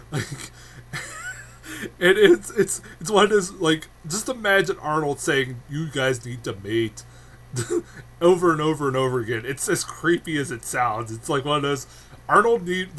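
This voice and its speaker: Man, casual film review, bright forceful voice, profane, rambling, faint background noise. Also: medium pitch. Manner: profane, rambling, laughs often.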